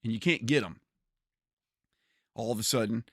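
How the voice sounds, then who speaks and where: A man chatting casually on a gaming livestream, animated, often repeating words and laughing. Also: medium pitch, moderate pace, breathy edge, no echo, clean studio sound.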